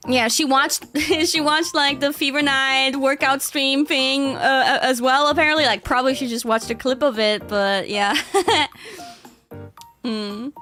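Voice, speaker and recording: A woman's voice: sits high, pushed and bright. A young woman streamer in casual chat, rambling with lots of fillers and frequent giggles.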